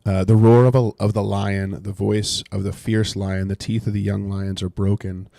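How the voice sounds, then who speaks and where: A man's voice: level tone, moderate pace, gravelly, mellow, dry recording. A man leading a casual Bible study on a live stream, rambling with many fillers and retelling scripture in everyday words. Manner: reacts to game and chat in low muttering asides. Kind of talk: casual live-stream teaching while gaming.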